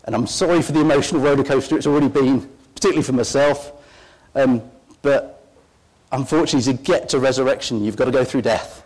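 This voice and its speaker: A man's voice: mid-range voice, quick pace, a little mellow, poor audio. A man preaching a sermon in an earnest, heartfelt way.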